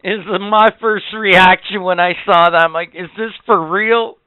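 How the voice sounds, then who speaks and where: A man's voice: high-pitched, fairly even intonation, measured pace, smooth, no room sound. A man co-hosting a casual podcast chat, ranting and swearing as he gets worked up. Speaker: podcast co-host. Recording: tinny phone-like sound, dry.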